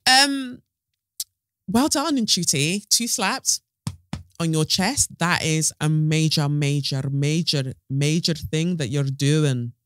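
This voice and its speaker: A woman doing a mock Scottish accent to give loud, hearty praise, with a high pitch and words repeated for emphasis. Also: takes it slowly, no echo, studio quality. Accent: put-on Scottish.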